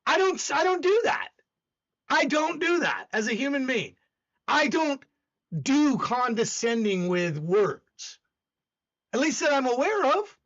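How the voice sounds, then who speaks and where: A high, bright-toned man with a Southern accent rambles through casual livestream chat, arguing with his viewers. His pitch jumps around a lot, and the sound comes through slightly dull, lo-fi stream audio. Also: sing-song, unhurried. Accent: Southern American. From American South. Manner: rambling, talks back to chat, argumentative. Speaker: livestream host.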